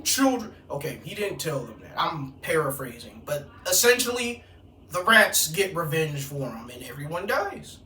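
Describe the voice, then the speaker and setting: A man's voice: on the high side, bright, forceful tone. A man ranting casually about a horror film as a vlogger, profane and rambling as he tells the story. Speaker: vlogger reviewing horror films. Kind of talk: casual movie-review rant. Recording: roomy, distant mic with faint noise.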